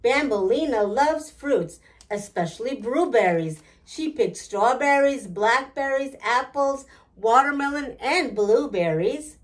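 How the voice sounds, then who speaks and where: A woman reading a children's picture book aloud in a slow, clear, deliberate way. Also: sits high, expressive. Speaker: storytime reader.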